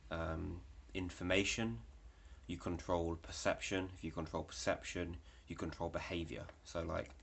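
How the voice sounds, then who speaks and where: A man's voice: sits low, fairly even intonation, moderate pace, gravelly, a bit bright, husky. A young man telling a story in a rambling, casual way, with lots of fillers and swearing. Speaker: vlogger.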